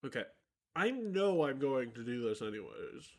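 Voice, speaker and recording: Playful male streamer, lively pitch. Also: moderate pace. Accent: mixed, hard to place. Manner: playful self-mocking, mock-announcer asides. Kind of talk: solo livestream chatter.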